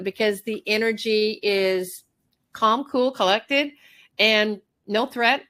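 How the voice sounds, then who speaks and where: A middle-aged master groomer woman giving a workshop talk, animated, repeating phrases and acting out little dialogues. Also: mid-range voice, measured pace.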